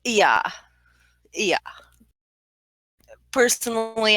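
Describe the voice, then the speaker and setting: Female co-host, lowish and unhurried, wry humor, dry close sound. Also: lively intonation, pushed and bright, no room sound. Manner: wry, joking, reads listener questions. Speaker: podcast co-host reading questions. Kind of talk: casual podcast Q&A.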